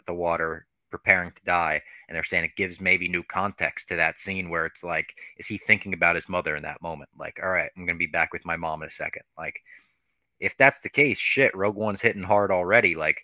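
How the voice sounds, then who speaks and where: A man's voice: deep voice, steady tone, a little fast, bright, forceful tone, no room sound. A man co-hosting a podcast, recapping scenes in a laid-back casual chat. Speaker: podcast co-host.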